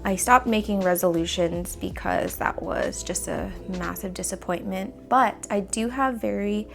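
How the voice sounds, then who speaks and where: A woman's voice: medium pitch, expressive, measured pace, vocal fry, soft background music. A young woman vlogging in casual chat as she repots plants at home, thinking aloud with lots of fillers and coughing now and then from dust, recorded on a phone nearby. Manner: rambling, chatty, thinks aloud with many fillers. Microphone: phone camera nearby.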